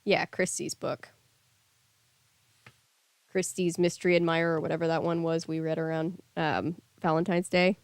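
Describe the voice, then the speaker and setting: A woman's voice: sits low, level tone, normal speed, pauses often, clear, resonant tone, no echo. A woman streamer reading a novel aloud on stream, with casual asides and self-corrections.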